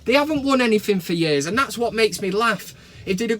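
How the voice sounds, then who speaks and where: A middle-aged man from England with a Mancunian accent, ranting and joking to camera from his van, bursting into mock shouts. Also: sits high, animated, brisk. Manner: swears and mock-shouts in outbursts. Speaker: vlogger. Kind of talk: casual comedic rant to camera. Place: parked van cab.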